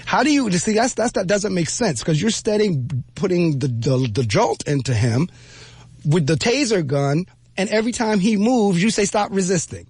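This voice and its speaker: A man's voice: sits high, animated, moderate pace, darkish tone, breathy edge, no echo. A man giving an earnest spoken reflection, emphatic and repeating his phrases for weight. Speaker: speaker giving a motivational talk.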